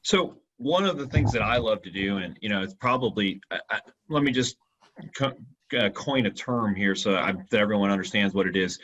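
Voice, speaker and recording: A man coaching real estate agents in a casual training discussion, explaining things in a soft, questioning way. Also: on the low side, animated, a little fast, rough recording. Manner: explanatory, demonstrates a softly questioning tone.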